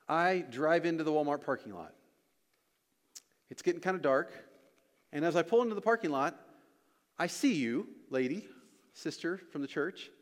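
A man preaching a sermon as pastor and church elder, earnest and repeating his key lines for emphasis. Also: on the high side. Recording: long reverb of a large hall.

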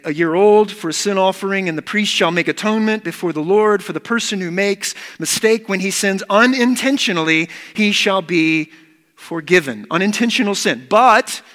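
A man's voice: high-pitched, bright, forceful tone, long reverb tail. A man preaching a sermon as pastor, earnest and emphatic, repeating key words.

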